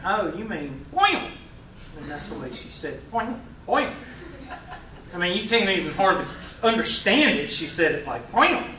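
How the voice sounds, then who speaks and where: A man's voice: a little high, bright, forceful tone, slight background noise. A man in his forties with a Southern US accent, a math teacher giving a folksy classroom lecture and quizzing his students. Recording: roomy classroom, mic far away.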